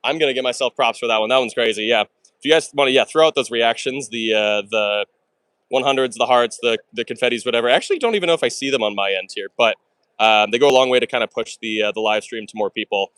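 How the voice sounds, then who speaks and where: A man hosting a live puzzle stream, rattling off his thinking at speed and breaking into excited exclamations. His voice sits at a middling pitch, and the sound is close and dry with no room around it. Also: clean tone, no room sound. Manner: fast and chatty, talks through his moves. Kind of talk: live stream chat while solving puzzles.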